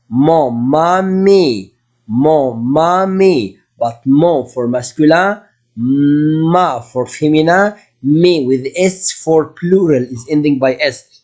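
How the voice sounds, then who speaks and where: A man whose first language is Arabic gives a beginner French lesson at an unhurried, deliberate pace. He explains in English and says the French words slowly, over and over. His voice sits a little high for a man. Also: a little mellow. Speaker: French teacher. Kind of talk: slow classroom language lesson.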